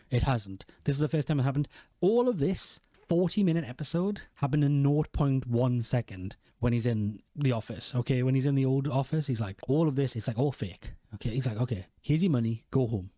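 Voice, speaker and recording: A man's voice: medium pitch, warm tone, no echo, clean studio sound. A man recapping a TV episode in casual, rambling commentary, swearing and correcting himself as he goes. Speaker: video host.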